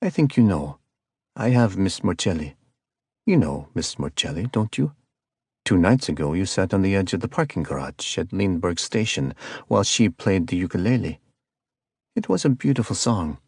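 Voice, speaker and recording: A man voicing a calm, icy male kidnapper who mocks his victim, in an audiobook. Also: sits low, moderate pace, breathy edge, no room sound, studio quality, heavily acted. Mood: icy menacing. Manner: cold, mocking, calm. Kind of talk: audiobook character voice.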